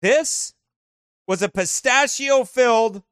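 A man telling casual stories over travel photos, animated and quick to laugh. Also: very high voice, smooth, no echo, clean studio sound, faint music behind. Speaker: vlogger showing travel photos. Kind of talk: casual storytelling.

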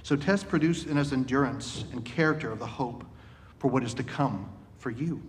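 A man preaching a sermon. He recites a poem slowly, then talks conversationally with asides. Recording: reverberant hall with faint rumble.

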